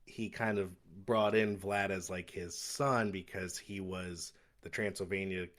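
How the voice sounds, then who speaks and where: A laid-back man in his thirties fills in as co-host on a casual podcast. His voice sits a bit low, and he chuckles easily between remarks. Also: fairly even intonation, unhurried, fairly bright tone. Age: 30s. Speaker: guest co-host. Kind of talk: casual chat.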